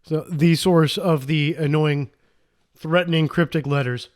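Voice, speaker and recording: A man's voice: on the high side, fairly even intonation, unhurried. A man co-hosting a casual movie podcast, enthusiastic and rambling, often restarting his sentences. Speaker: podcast co-host. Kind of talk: casual movie review chat.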